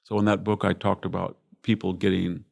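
In a brisk, low, gravelly voice with a level tone, an older American man who studies classics and military history reminisces as an interview guest. His anecdotes about family and war include quoted lines from relatives, and the studio-quality audio has no echo.

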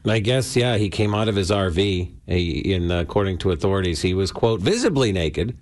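A man's voice: low voice, lively intonation, a little fast, darkish tone. A man co-hosting a radio show, chatting casually with dry, joking asides. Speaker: radio co-host. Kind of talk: casual morning radio banter. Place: radio studio.

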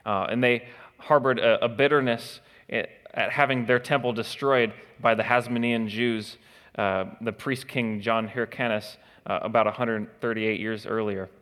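A man's voice: medium pitch, fairly even intonation, normal speed, fairly bright tone. Conversational preacher man in a reverberant hall. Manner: conversational, frequent uh fillers, acts out quoted attitudes. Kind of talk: expository sermon.

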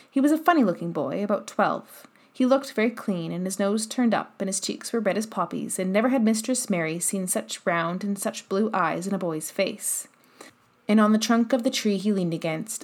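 A woman narrating a classic children's novel in an even storytelling manner. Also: medium pitch. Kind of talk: audiobook narration.

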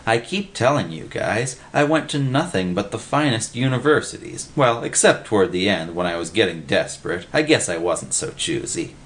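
A man's voice: fairly low pitch, lively intonation, normal speed, hardly any pauses, fairly bright tone. A man voicing a well-read, lecturing male vagrant in a storybook reading. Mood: wistful. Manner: precise, lecturing, bossy.

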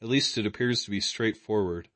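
A thoughtful older gentleman, as the narrator voices him, deliberate and judicious. Close to the reader's own low voice, dry and near the mic. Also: no room sound, lightly acted. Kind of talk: audiobook character reading.

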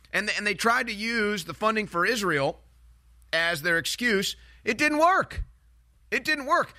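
A man's voice: high-pitched, sharp tone, no room sound, clean studio sound. A man hosting a political talk show, delivering heated commentary in an emphatic, ranting way that repeats phrases and restarts sentences.

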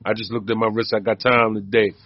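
A man's voice: on the low side, little pitch movement, fast talker, dry recording, lo-fi sound. A man in casual podcast chat who swears freely and repeats phrases for emphasis. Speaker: podcast co-host.

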